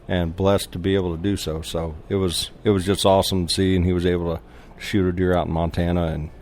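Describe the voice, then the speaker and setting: A man with a fairly low voice talks casually as a podcast guest. He tells his story with animation and frequent laughter, restarting sentences and voicing the people in it. A faint hiss sits under his voice. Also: flat delivery, quick pace, darkish tone. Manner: acts out quoted dialogue.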